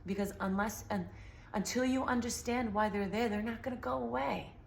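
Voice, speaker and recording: A woman's voice: a little high, normal speed, vocal fry. Woman vlogger, casual and rambling, slightly sore voice; echoey room, faint background hiss. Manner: earnest, rambling, many fillers. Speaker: healing vlogger. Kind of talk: casual talk to camera.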